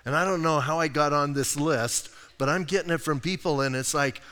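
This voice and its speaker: A man's voice: fairly high pitch, a little fast, bright, forceful tone, clean tone. A man preaching a sermon as pastor, in a conversational style with rhetorical asides, sometimes acting out the people he quotes. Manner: acts out quoted voices. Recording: long hall reverb.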